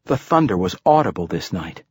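A man reading an adventure novel aloud as an audiobook, in calm, measured storytelling. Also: sits low, breathy edge, no echo. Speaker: audiobook narrator. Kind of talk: scripted audiobook narration.

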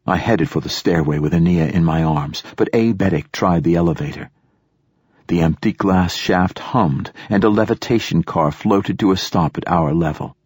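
A man narrating an audiobook in a steady, even storytelling manner. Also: low-pitched, moderate pace, husky, no echo, clean studio sound. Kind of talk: scripted narration.

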